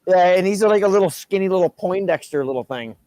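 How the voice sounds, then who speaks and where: A man's voice: high voice, expressive, quick pace, dark tone, dry recording. A man from Canada chatting casually on a live stream, easygoing and rambling. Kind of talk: casual chat.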